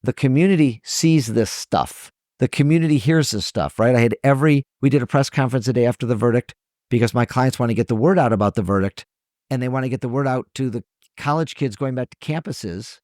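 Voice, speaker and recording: A man's voice: mid-range voice, fairly quick, a little mellow, dry recording, clean studio sound. A middle-aged man, a trial lawyer, talking earnestly and emotionally as a podcast guest, often restarting his sentences. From Michigan, USA. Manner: earnest, emotional, many restarts and self-corrections. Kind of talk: conversational interview.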